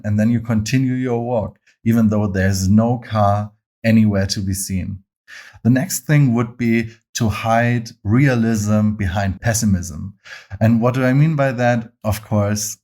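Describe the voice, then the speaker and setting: Man, low register, measured and wry guest explainer. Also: darkish tone. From Germany. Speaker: interviewed guest. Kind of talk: casual explanation to camera.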